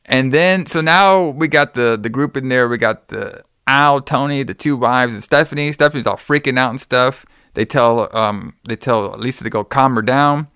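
A man's voice: medium pitch, normal speed, hardly any pauses, sharp tone, clear, resonant tone, no echo, clean studio sound. A man chatting casually as a podcast co-host, recapping a movie in a rambling, profane way and acting out the characters' lines. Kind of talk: casual chat.

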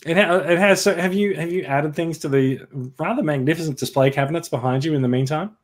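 A man's voice: a little high, fast. A man with an Australian accent hosting a casual podcast, chatty and self-deprecating with a jokey manner. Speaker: podcast host. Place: Sydney.

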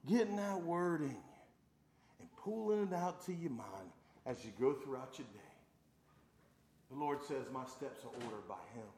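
A man in his thirties preaching a sermon, emphatic and folksy, swinging from loud declarations to hushed talk, in a roomy echoing hall. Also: mid-range voice, slight background noise.

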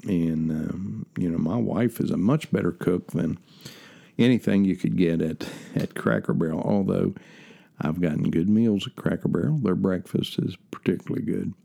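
A low-voiced older man rambles along in a relaxed, folksy monologue, dropping in fillers and personal asides. His voice is heavily gravelly with lots of fry, and the tone is dark and mellow. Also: moderate pace. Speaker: host. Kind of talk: casual spoken monologue. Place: lives in central Ohio.

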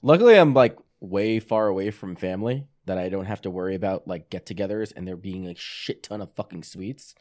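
A man in his thirties chatting casually, relaxed and profane, leaning hard on his emphasis. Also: low-pitched, a little fast, few pauses, no echo, clean studio sound. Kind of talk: casual chat.

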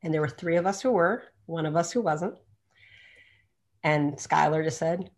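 Lively storytelling woman, lowish voice. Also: normal speed. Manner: lively storyteller acting out quotes, laughing often. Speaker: doctor and podcast guest. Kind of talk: casual storytelling interview.

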